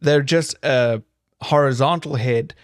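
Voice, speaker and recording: A man's voice: medium pitch, takes it slowly, clear, resonant tone, dry recording, clean studio sound. A man from South Africa co-hosting a podcast in a casual, joking chat with rambling asides. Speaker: podcast co-host.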